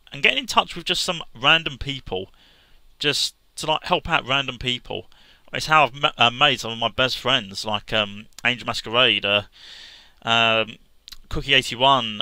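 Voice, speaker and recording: A man talking sincerely to camera as a gaming vlogger, halting with restarts and fillers. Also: mid-range voice, pushed and bright, dry recording. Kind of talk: casual earnest talk to camera.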